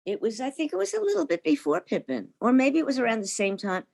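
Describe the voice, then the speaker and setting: Lively older woman with a Brooklyn accent. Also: high-pitched, fast talker, creaky, no echo, clean studio sound. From Brooklyn, New York. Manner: lively, laughs often, self-deprecating. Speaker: voice actress guest. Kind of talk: casual interview chat.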